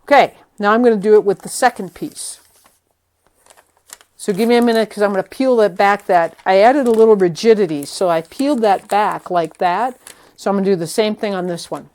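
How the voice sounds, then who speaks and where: A woman's voice: mid-range voice, fairly quick, darkish tone. Chatty woman narrating a craft project. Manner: chatty, self-talking while working, nervous. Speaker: vlogger restoring a vintage tree. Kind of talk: casual hands-on how-to narration.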